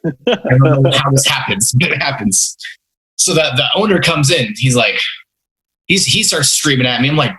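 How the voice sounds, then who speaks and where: A man's voice: mid-range voice, expressive, normal speed, pushed and bright, low-quality recording. A young man hosting a podcast, telling rambling, self-mocking stories about his first jobs in a casual way. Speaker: podcast host. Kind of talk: casual storytelling.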